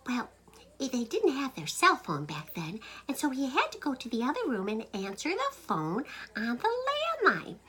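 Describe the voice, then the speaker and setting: A woman telling a silly joke with animated, playful delivery that now and then sinks into a whisper. Her voice is high and bright with a light husky edge, and her pitch swings widely. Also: moderate pace. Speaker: joke teller, host. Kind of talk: telling a funny story to camera.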